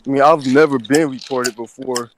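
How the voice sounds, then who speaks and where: A man calling in to a live stream, speaking casually in plain, halting sentences. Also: mid-range voice, steady tone, slight background noise. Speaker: caller. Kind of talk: casual call-in chat.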